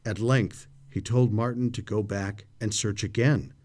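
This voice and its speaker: A man's voice: lowish voice, fairly even intonation, unhurried, a little mellow. A man co-hosting a scripture study show, reading historical quotations aloud with dramatic expression.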